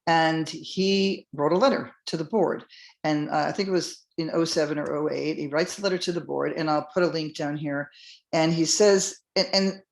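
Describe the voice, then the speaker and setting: A woman's voice: low voice, fairly even intonation, moderate pace, gravelly. A middle-aged woman hosting a podcast, telling a personal story in a loose, rambling way, full of fillers and restarts and acting out what others said. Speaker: podcast host. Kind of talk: casual first-person storytelling.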